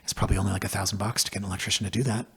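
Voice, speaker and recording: A man tells his own story on a podcast. His delivery is casual, wry and self-deprecating, and he gets lively as the story goes. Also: lowish voice, very fast, husky. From Canada. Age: 40s. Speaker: podcast host and realtor.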